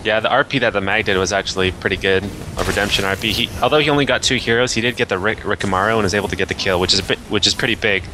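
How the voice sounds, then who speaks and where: Deep, fast-talking, bright-voiced man analyzing a game. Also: noisy background. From Canada. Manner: analytical, casual, many fillers like I mean and like. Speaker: esports color commentator.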